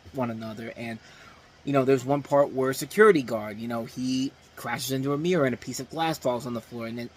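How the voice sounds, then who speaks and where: A man hosting a casual film review show, rambling through his opinions with many fillers and restarts. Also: mid-range voice. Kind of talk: casual spoken movie review.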